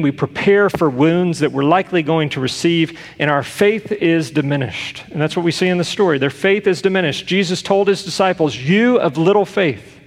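A middle-aged man, a pastor, preaching earnestly with rhetorical questions and loud bursts of emphasis. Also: fairly high pitch, vocal fry, in a large hall. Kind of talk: sermon.

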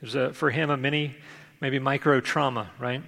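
Gravelly-voiced pastor preaching in a hall. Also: male voice, mid-range voice, fairly even intonation, normal speed, pushed and bright. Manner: reads scripture then explains it conversationally. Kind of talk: sermon. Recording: long hall reverb.

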